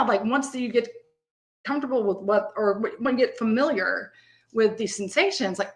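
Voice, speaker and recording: A woman's voice: fairly high pitch, moderate pace, a bit bright. A woman in her fifties in casual live-stream podcast talk, rambling and conversational, often laughing. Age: 50s.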